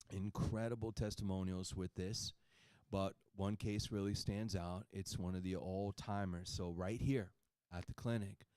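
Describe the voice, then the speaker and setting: A man's voice: fairly low pitch, a little mellow, clean tone, no echo. A man presenting at a clinic, giving an upbeat, persuasive sales talk that he keeps checking with "okay?" and "right?". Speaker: clinic presenter pitching a supplement.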